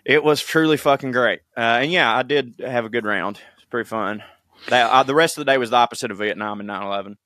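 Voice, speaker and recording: A man, co-hosting a podcast and telling stories in a profane, animated way, acting out the people he quotes. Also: mid-range voice, fast, no echo, clean studio sound. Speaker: podcast co-host. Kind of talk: casual chat, comic storytelling.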